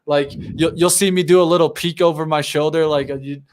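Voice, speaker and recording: A man's voice: fairly high pitch, steady tone, brisk, noisy background. A man hosting a livestream, chatty and hesitant, restarting his sentences often. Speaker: livestream host. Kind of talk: casual livestream talk.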